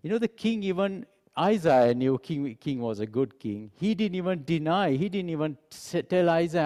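Mellow-voiced man preaching in a hall. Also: fairly high pitch, normal speed, few pauses. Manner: animated preaching, acting out dialogue, soft for emphasis. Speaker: pastor. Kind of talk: sermon. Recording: long hall reverb.

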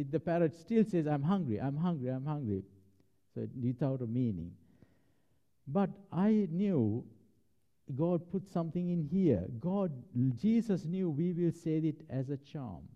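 A man's voice: fairly high pitch, very animated, measured pace. A man preaching a reflective sermon, mixing scripture with personal anecdotes. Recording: dull lo-fi recording.

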